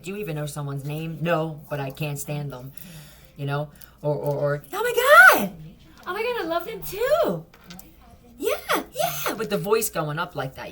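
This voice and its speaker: Low-voiced blunt woman reading tarot. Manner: blunt, profane and mocking. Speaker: tarot reader. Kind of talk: casual tarot reading vlog.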